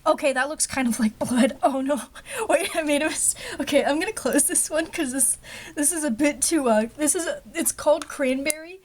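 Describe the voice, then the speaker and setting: A woman's voice: sits high, expressive, moderate pace, a little mellow. A young woman rambling to herself in a casual craft vlog, chatty and self-mocking. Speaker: vlogger.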